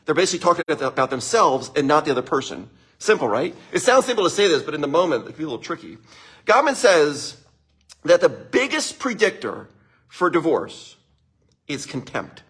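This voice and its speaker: A man giving relationship advice in a live talk, chatty and animated, laughing often and speaking straight to his listeners. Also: on the high side, moderate pace, slightly rough.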